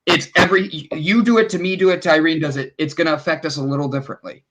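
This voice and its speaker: A middle-aged man chatting casually as a podcast guest, animated and prone to acting out quotes in voices. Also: a little high, fast, rough recording. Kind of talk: casual chat.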